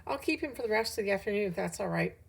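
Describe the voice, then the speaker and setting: A woman voicing a helpful older teacher from a storybook who chats in a brisk, friendly way. Her voice is gravelly and a little husky. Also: medium pitch, expressive.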